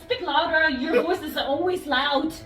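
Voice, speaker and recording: A woman teaching phonics to small children, her voice high and very bright. She repeats each word slowly and cheers them on. The sound is echoey and a little distant, like a classroom. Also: faint music behind. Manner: slow, encouraging, repeats words clearly. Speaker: English teacher. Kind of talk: phonics lesson with young children.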